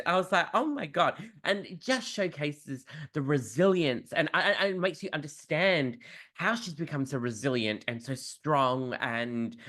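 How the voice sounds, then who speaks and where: Australian guy host, bright bubbly chatty voice, a bit high, jet lagged. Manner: bubbly, gushing, theatrical. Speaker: podcast host, drag performer. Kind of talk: casual chat.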